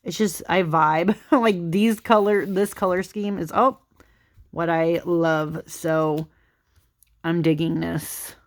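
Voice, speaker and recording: This tarot channel host is a young woman with a fairly low, steady voice who takes things slowly. She chats casually through a deck of cards late at night, rambling with fillers, giggling, and yawning from tiredness.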